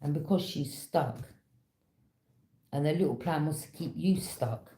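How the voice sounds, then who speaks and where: A woman gives a tarot reading in a low, mellow voice, a little slow, with a knowing, direct, casually conversational storytelling style. The recording is in an echoey room with a little hiss or hum.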